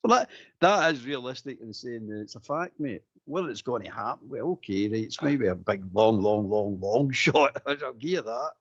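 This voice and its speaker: A Scottish man with a gravelly, husky voice that rises and falls a lot as he talks football on a phone-in. He keeps repeating himself and tacks "mate" onto his sentences. The audio is dull and lo-fi. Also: medium pitch, normal speed. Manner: animated, repeats himself, says "mate" often. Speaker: caller.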